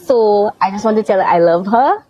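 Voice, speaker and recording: Husky-voiced woman plugging her business. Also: medium pitch, lively intonation, brisk, a little mellow, dry recording, muffled recording. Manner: giggly self-promotion with many ums. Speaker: guest, marketing business owner. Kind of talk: casual interview chat.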